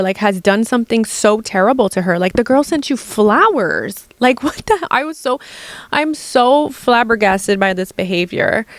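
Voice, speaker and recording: A young adult woman hosting a casual gossip podcast, animated and exasperated, full of "like" and swearing. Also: mid-range voice, no room sound. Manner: animated, heavy use of "like", profane, exasperated. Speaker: podcast host.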